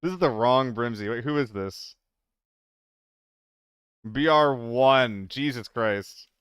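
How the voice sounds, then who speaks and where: A man's voice: mid-range voice, lively intonation, slow, fairly bright tone, clean tone, dry recording, clean studio sound. A young man live-streaming a shooter game, chatting loosely with viewers, swearing and getting flustered in fights. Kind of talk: casual live-stream chat while gaming.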